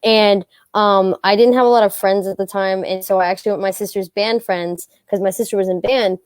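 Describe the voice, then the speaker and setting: A young woman, a guest singer telling a lively story and acting out the other people's voices. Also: mid-range voice, a little fast, clear, resonant tone, no echo. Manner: animated, acts out voices in her story. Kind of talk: casual storytelling.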